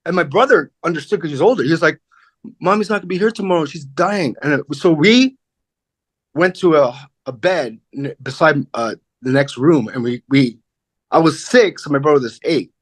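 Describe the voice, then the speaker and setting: A middle-aged man, a comedian guest, telling a personal story in a candid, animated way and acting out the voices of the people in it. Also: a little high, normal speed, no room sound. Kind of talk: casual interview storytelling.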